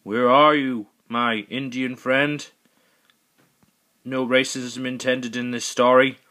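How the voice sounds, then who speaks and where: A man's voice: mid-range voice, flat delivery, slow, pushed and bright. A man voicing a bumbling, cowardly male president who rambles and corrects himself.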